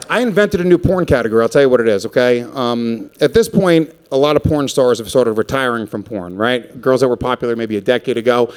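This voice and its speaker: A man in his thirties works through a stand-up comedy set on stage. He is crude and profane and rambles from one bit to the next, throwing in quick asides as he goes. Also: mid-range voice, background noise.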